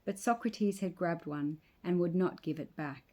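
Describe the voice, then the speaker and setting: A woman reading her own first-person story aloud as the author, in a measured, reflective way. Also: fairly low pitch, mellow.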